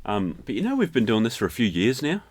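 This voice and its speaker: A young Australian man co-hosting a podcast album review in a relaxed, conversational way. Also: mid-range voice, fast. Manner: relaxed and conversational, with fillers like "um" and "sort of". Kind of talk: casual podcast chat.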